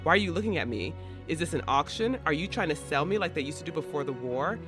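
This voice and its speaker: A man's voice: a little high, fairly quick, music in the background, natural voice. A man retelling a play and quoting a furious, cornered male fugitive emperor in an indignant, accusing voice. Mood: outraged.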